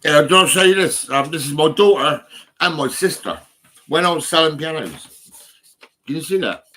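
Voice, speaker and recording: A man's voice: on the high side, lively intonation, bright, forceful tone. Rambling, sweary Hampshire man. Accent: southern English. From England, Hampshire. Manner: rambling, sweary, halting with many fillers. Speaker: vlogger. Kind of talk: rambling casual chat. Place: small home room. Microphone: phone.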